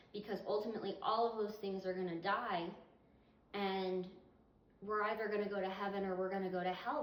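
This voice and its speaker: A woman's voice: medium pitch, a little hiss or hum. Woman reading bible verses and chatting thru them, kinda far from the mic, echoey room, bit muffled. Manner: earnest, conversational, reads verses aloud. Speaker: Bible study teacher. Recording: echoey, distant, slightly muffled.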